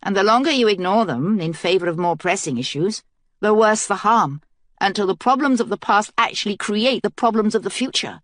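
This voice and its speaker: A woman's voice: mid-range voice, fairly quick, no echo, studio quality, lightly acted. A woman voicing a determined young queen in an audiobook, speaking earnestly and with command.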